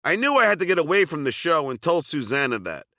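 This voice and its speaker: Lively, bright-voiced man telling crude stories. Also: a little high, fast, dry recording, clean studio sound. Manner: crude, sarcastic storytelling. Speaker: memoir narrator. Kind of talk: reading his own memoir aloud.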